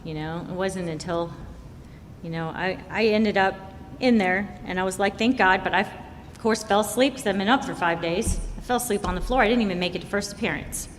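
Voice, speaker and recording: A woman sharing her recovery story at a meeting, telling it candidly and acting out the voices of the people in it. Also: moderate pace. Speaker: recovery speaker. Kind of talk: personal recovery share at a meeting. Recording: hall reverb, faint rumble.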